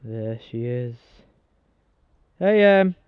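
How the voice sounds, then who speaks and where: A man vlogging casually while walking his dog outdoors in a park, chatty and quick to laugh. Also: mid-range voice, lively intonation, narrow, tinny audio, a little hiss or hum. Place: outdoors in a park and golf course.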